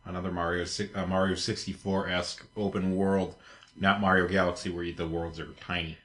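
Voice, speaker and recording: Low-ish, blunt, teasing male co-host; casual chat. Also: level tone, a little fast, a bit bright. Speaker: podcast co-host. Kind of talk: casual gaming podcast chat.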